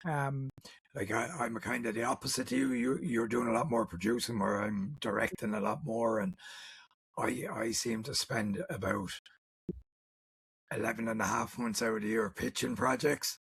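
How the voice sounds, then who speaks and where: A man's voice: medium pitch, fairly even intonation, normal speed, gravelly, fairly bright tone, slightly rough. An Irish man hosting an interview, a film director who talks casually with stammering restarts and self-deprecating jokes. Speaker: podcast host and film director.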